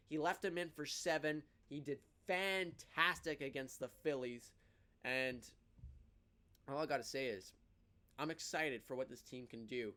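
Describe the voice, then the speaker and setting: Excitable man rattling off baseball stats. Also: on the high side, clean tone. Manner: excitable, rattles off stats, lively rises and dips. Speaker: fan show host. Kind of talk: casual sports recap and opinion.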